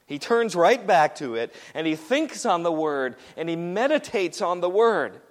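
A man's voice: high voice, very animated, a little slow, long reverb tail. A man preaching a sermon to a congregation, emphatic and repetitive as he presses each point home. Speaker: pastor.

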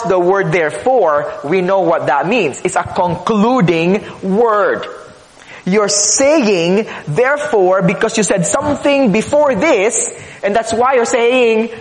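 A man's voice: high voice, lively intonation, slow. A man preaching a sermon as pastor, teaching earnestly with rhetorical questions and repeated phrases. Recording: echoey hall, long reverb.

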